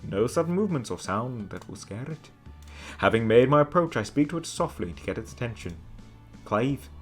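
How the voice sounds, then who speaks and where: Animated young man narrating a game. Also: medium pitch, brisk, faint music behind. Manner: animated, laughs through slips. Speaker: streamer reading a game's story aloud. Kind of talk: playful dramatic narration.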